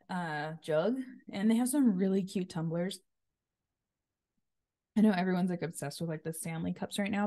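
A woman's voice: mid-range voice, a little mellow, no room sound. Chatty upbeat woman, dry close mic. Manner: chatty, upbeat, lots of filler words. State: energized after a workout class. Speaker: podcast host. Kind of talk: casual solo podcast chat.

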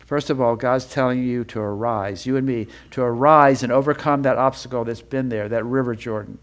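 A male preacher in the middle of a sermon, with a voice of ordinary pitch. He builds with feeling through repeated phrases and drops lower and slower when he reads scripture aloud. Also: steady tone. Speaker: Bible teacher. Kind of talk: sermon teaching.

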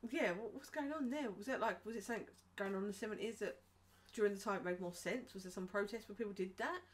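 A woman's voice: medium pitch, fast, far from the mic. A woman co-hosting a film podcast in casual chat, hedging with lots of fillers. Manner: chatty, hedging with fillers like "like" and "kind of". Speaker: podcast co-host.

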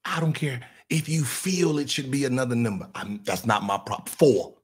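Husky, lively-voiced man reacting. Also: medium pitch, normal speed. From California. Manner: profane, laughing, boastful. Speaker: show host reacting to a clip. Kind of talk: casual reaction chat.

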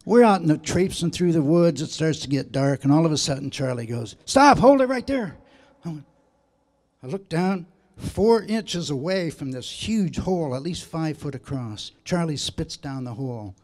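A man telling jokes on stage in a stand-up set, as a chatty storyteller who slips into quick voices for the people he quotes. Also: on the high side, animated, dark tone. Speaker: stand-up comedian.

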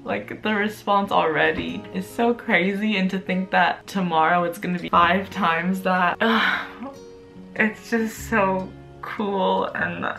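A man's voice: sits high, fairly even intonation, slow, creaky, bright, forceful tone, faint music behind. A young man chatting casually to camera as a vlogger, giggly and full of "like" fillers. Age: young adult. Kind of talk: casual vlog chat.

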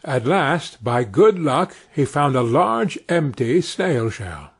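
A man narrating a fairy tale for English learners in a slow, expressive storybook reading. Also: mid-range voice, husky.

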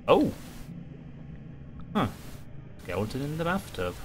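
A man's voice: mid-range voice, sing-song, slow, pauses often, pushed and bright, a little hiss or hum. A young man commentating a horror game, wry and jokey, breaking into yelps and laughter. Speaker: gaming streamer.

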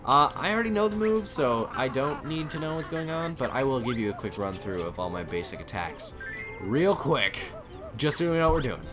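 A man hosting a let's play, commentating in an energetic, rambling, laughing way. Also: mid-range voice, fairly quick, over music. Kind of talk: game commentary.

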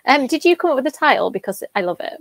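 Woman, enthusiastic host, fast, dry recording. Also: high voice, big pitch swings, no room sound. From England. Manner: enthusiastic, giggly. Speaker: interviewer, author. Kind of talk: casual interview chat.

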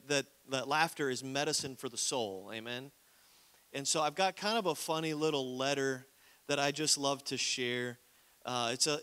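A man's voice: a little high, a bit bright, clear, resonant tone. A man from Minnesota, an evangelist preaching a sermon in a conversational way, often calling out for amens. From Minnesota, USA. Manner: conversational preaching with frequent call-outs for amen.

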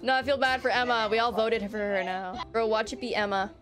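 A young woman hosting her gaming video, chatting excitedly and playfully accusing other players as she plays. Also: fairly high pitch, fairly quick, music in the background. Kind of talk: casual excited game commentary.

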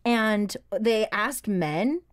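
A woman hosting a radio talk show, chatting casually with lively quick agreement. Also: medium pitch, clear, resonant tone. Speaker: radio host. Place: radio studio. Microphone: studio mic.

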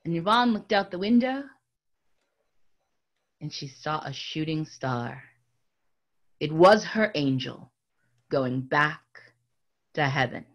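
Expressive woman storyteller. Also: sits low, takes it slowly, pauses often, lo-fi sound. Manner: dramatic, swinging from bright raised tones down to hushed near-whispers; addresses the audience directly. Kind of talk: oral storytelling lecture.

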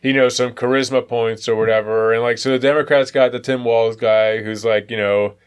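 Smooth-voiced man telling a funny story. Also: mid-range voice, moderate pace. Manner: animated storytelling, mimics people. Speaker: podcast co-host. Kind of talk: casual chat.

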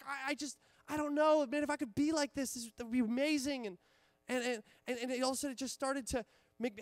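A man's voice: sits high, a little mellow, no room sound. A young adult man telling a long, rambling personal story during a church sermon, with many restarts and fillers. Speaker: pastor. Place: church stage.

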